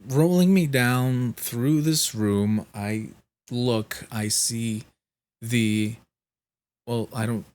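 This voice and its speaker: A man with a lowish voice tells a long story at an unhurried, drawn-out pace. He sounds sleep-deprived, swears freely and keeps restarting his sentences in casual vlog chat. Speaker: vlogger.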